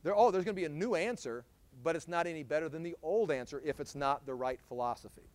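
A man preaching a sermon in an emphatic way, with sudden loud stresses and frequent restarts. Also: on the high side, animated, quick pace. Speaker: pastor.

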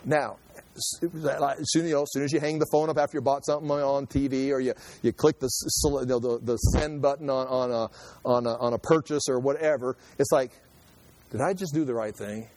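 A man giving conversational Bible teaching in an animated, joking way, acting out quotes and often restarting his sentences. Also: medium pitch, a little fast, no echo. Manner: animated, jokey, acts out quotes, frequent restarts. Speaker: preacher.

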